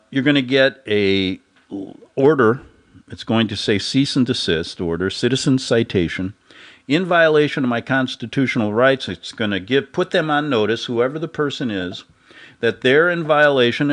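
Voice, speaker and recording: A man's voice: mid-range voice, fairly bright tone. A man hosting a commentary show, talking in a rambling, casual way and chuckling at his own jokes. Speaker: host.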